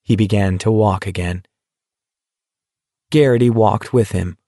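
A man narrating an audiobook with a steady, measured reading. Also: lowish voice, no room sound, clean studio sound. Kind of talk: scripted narration.

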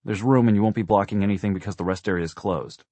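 A man's voice: fairly low pitch, quick pace, no room sound. Man doing a firm, commanding mother. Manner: commanding, then soft. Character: firm, no-nonsense mother in the car.

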